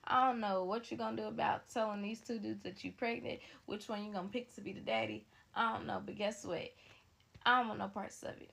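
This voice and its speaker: A young woman telling a story in a casual, blunt, animated way, talking straight to her viewers. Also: medium pitch, gravelly, breathy edge.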